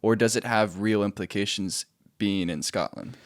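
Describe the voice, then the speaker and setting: A man's voice: lowish voice, normal speed. A man from the United States hosting a travel podcast, asking eager, curious questions in a casual interview.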